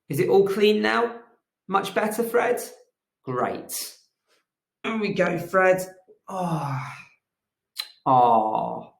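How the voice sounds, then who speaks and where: A man teaching a phonics lesson to young children, telling a gentle, animated story. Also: on the high side, gravelly. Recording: echoey room.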